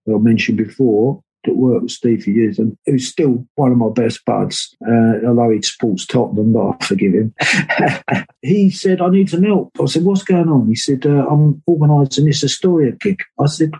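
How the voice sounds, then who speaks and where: Chatty older Englishman, dark husky voice. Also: mid-range voice, moderate pace, poor audio. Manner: chatty anecdotal, lively quoted voices. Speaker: guest musician. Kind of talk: casual storytelling interview.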